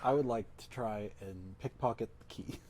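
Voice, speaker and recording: A man's voice: on the low side, normal speed, darkish tone, a little hiss or hum. A man player in a tabletop game, speaking in a casual, plain way.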